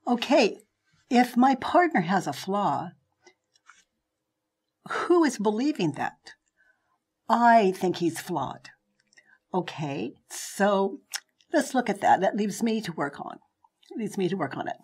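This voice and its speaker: Slow breathy woman teaching gently. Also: medium pitch, very animated. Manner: slow, gentle, drifting into soft whispers. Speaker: spiritual teacher. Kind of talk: reflective teaching talk. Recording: played clip from online video.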